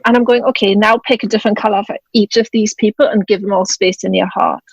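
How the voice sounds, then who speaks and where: Her mid-range voice is steady, fast and gravelly with a breathy edge as she tells a personal story on an interview podcast, acting out what people said. She's a German-born author and widowed mother talking casually at home in Scotland, and the sound is lo-fi with no echo.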